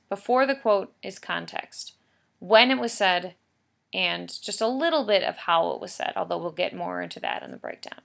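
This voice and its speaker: A woman's voice: medium pitch, gravelly, a bit bright. A woman teacher giving a recorded writing lesson, explaining patiently and stressing key points by repeating them. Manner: patient, explanatory, emphatic repetition.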